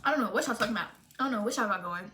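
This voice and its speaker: A woman's voice: mid-range voice, very fast, heavy background noise. A young woman, telling a storytime vlog casually and animatedly, full of fillers and quoted dialogue. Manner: chatty, animated, full of "like" fillers and self-interruptions; quotes friends in acted-out dialogue. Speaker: storytime vlogger.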